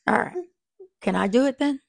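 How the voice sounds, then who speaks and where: A woman's voice: sits high, lively intonation, normal speed, vocal fry, no room sound. A woman hosting a podcast in casual, rambling chat, full of asides, recorded on a small mic in a crowded little office. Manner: chatty and rambling, with many fillers and asides. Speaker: podcast host. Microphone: small microphone.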